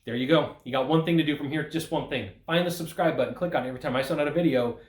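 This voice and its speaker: A man's voice: very fast, roomy sound. A man giving sales advice in a casual vlog, talking straight to the camera and acting out what bosses say. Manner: animated, acts out quoted bosses in higher voices. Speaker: sales consultant. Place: outdoors.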